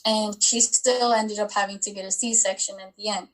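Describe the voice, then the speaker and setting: A woman's voice: medium pitch, steady tone, moderate pace, poor audio. A woman in her twenties sits as a guest in an interview and recounts her story in an easy, conversational way. She fills her sentences with likes and ums as she talks. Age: 20s. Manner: chatty, with many likes and ums.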